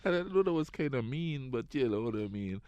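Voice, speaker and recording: A man co-hosting a radio talk show, ranting casually and acting out quoted people in high voices. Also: a little fast, lo-fi sound. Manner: animated storyteller, acts out quotes in high voices.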